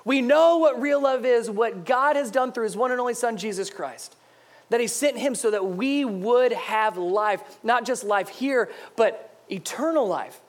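A man's voice: very high-pitched, measured pace. A man in his thirties, a pastor, preaching a sermon with humorous, self-mocking stories.

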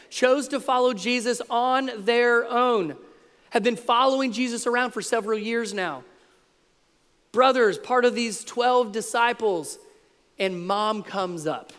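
A man in his thirties preaching a sermon, lively and playful, acting out the voices in the stories he tells. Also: very high-pitched, long reverb tail. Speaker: pastor.

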